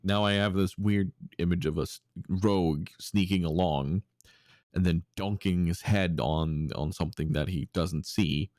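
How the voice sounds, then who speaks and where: A man's voice: low voice, fairly even intonation, unhurried, darkish tone, no echo, clean studio sound. A man co-hosting a podcast in casual chat, reading out listener submissions with lots of fillers and restarts. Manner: rambling with many fillers, breaks into silly voices.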